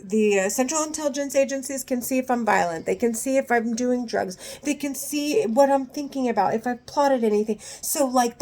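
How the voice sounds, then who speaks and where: A woman records herself at home, talking straight to the camera. Her voice sits a little high, and she speaks with raw, profane anger. Her sentences break off and start again as she pushes through. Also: a little mellow. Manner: angry, profane, halting with restarts. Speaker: vlogger. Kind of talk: agitated monologue to camera.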